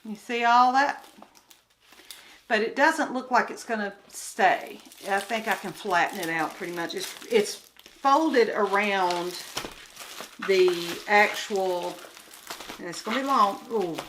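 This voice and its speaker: Bright-voiced chatty woman crafts vlogger. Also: medium pitch, slow pace, slight background noise. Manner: chatty, addresses viewers directly, grows exasperated. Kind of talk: casual haul video talking to viewers.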